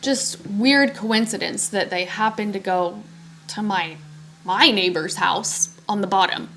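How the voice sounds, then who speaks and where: A woman's voice: medium pitch, a little slow. A young woman hosting a podcast, telling a personal story casually and acting out the voices of people she quotes. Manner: animated, acts out quoted voices. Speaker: podcast host.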